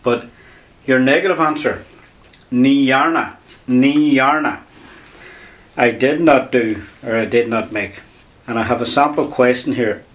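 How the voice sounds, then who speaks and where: A man's voice: mid-range voice, a bit bright. A man teaching a language lesson on air, explaining patiently step by step and repeating key words.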